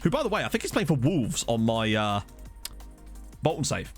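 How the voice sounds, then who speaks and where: A male streamer talking into a desktop mic at home, his pitch swinging up and down a lot as he rambles through a football management game. He chats with viewers in a loose, easygoing way, with faint music in the background. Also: big pitch swings, normal speed. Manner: chatty, rambling, answers viewer chat. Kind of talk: casual live-stream commentary. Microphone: desktop USB microphone.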